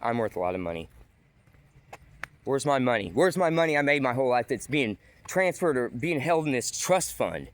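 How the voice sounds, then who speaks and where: A man's voice: mid-range voice, big pitch swings, moderate pace. A man ranting in an agitated, accusatory monologue to the camera. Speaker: vlogger.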